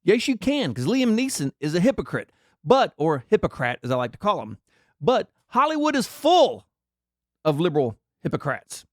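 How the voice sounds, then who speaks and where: A man's voice: high-pitched, huge pitch swings, moderate pace, no echo, clean studio sound. A man hosting a podcast, ranting his political opinions in a blunt, mocking way and repeating himself. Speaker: podcast host.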